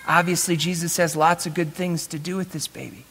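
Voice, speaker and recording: A man preaching, telling a personal story with dramatic shifts between loud moments and hushed asides. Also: on the high side, level tone, fairly quick, vocal fry, breathy edge. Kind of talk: sermon storytelling. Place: live church event in a large hall. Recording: reverberant hall.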